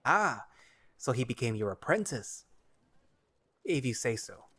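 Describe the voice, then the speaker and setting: A man's voice: mid-range voice, sing-song, a little slow, bright, forceful tone, slightly rough, heavily acted. A man voicing a jovial older male wolf baker with a folksy, teasing manner.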